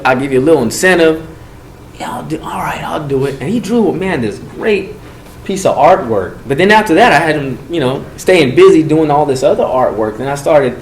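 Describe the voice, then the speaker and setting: Male speaker, prevention workshop, lively storyteller, slightly high voice, echoey room with faint hiss. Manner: animated, acts out quotes with swings in pitch and volume. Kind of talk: storytelling to a group.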